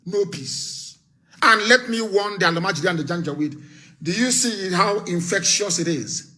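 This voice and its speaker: A man's voice: high voice, animated, moderate pace, pushed and bright. A man with a Nigerian accent delivering a fiery live broadcast speech, full of repeated threats and warnings. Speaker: political activist broadcaster.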